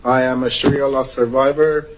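A man's voice: medium pitch, little pitch movement, moderate pace, poor audio. A man from Iran giving an urgent, emotional public comment, close to tears. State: near tears.

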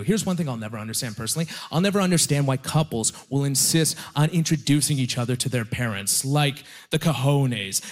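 A man performing a stand-up comedy set, telling stories with animated, self-deprecating punchlines. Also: a little high. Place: comedy venue with live audience.

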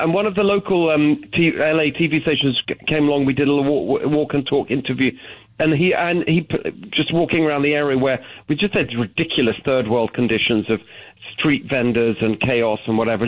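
A man with a British accent, calling in as a guest on a talk radio show, talking in an animated way and often restarting his sentences. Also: fairly high pitch, brisk. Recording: phone-line call-in audio.

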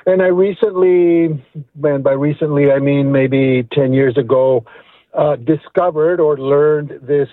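A man's voice: a little high, measured pace, dry recording. A man in his fifties or older calling in to a radio show, speaking earnestly and reflectively, often repeating words. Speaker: radio caller. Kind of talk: call-in comment. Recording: tinny phone line.

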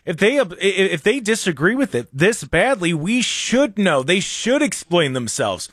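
Animated, sarcastic male talk radio host. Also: high voice, unhurried, slightly rough, no echo, studio quality. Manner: animated, sarcastic, mocks others in silly voices. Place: radio studio in Ohio. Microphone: studio microphone.

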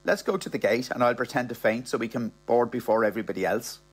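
A man's voice: mid-range voice, fast, slightly rough, lightly acted. A man with an Irish accent voicing a brazen middle-aged woman who talks in a breezy, matter-of-fact way. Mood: airy.

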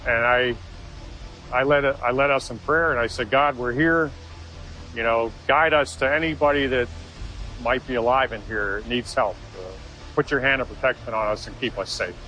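A man's voice: medium pitch, fairly even intonation, moderate pace, pushed and bright, rough recording. Earnest man recounting a rescue. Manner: earnest storytelling with restarts. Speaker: interviewee, former Marine. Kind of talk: personal recollection interview.

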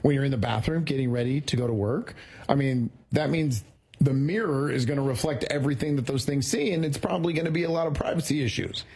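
A man's voice: mid-range voice, quick pace, gravelly, a little mellow, husky. A man co-hosting a tech show, teasing and skeptical in casual chat. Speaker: co-host.

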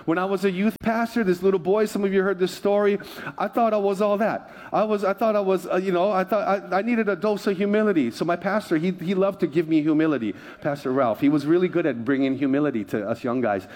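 A man's voice: sits high, quick pace, darkish tone, big-room sound. A middle-aged man preaching a sermon as pastor, chatty and humorous, throwing asides to his congregation.

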